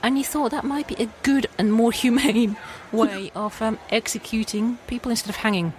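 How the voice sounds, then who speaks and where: A woman's voice: on the high side, moderate pace. A woman co-hosting a casual podcast chat, hesitant with ums and dry teasing. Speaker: podcast co-host.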